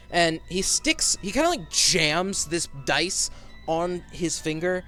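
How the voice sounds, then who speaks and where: A man's voice: fairly high pitch, big pitch swings, slow, bright, forceful tone, soft background music. A man narrating a tabletop game as game master in a loose, rambling way. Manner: loose, rambling, lots of fillers and restarts.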